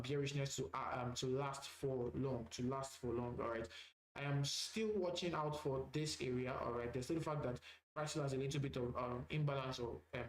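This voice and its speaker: A man's voice: mid-range voice, echoey room, poor audio. A man teaching a live trading session, talking through charts casually and often repeating phrases with "all right" fillers. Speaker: trading instructor.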